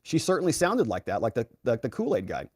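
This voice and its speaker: A man hosting a live stream, reading viewer comments aloud and reacting to them in a casual, animated way. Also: mid-range voice, fast talker, dry recording, clean studio sound. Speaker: host reading live chat.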